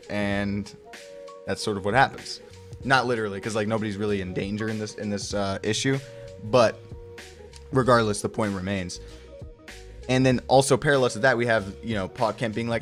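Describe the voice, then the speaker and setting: A young man casually reviewing a comic book, rambling and profane, often slipping into quick put-on voices for the characters. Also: fairly low pitch, steady tone, faint music behind.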